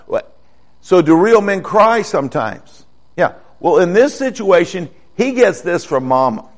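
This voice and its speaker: An older man preaching a folksy, conversational sermon, asking the congregation questions. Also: medium pitch.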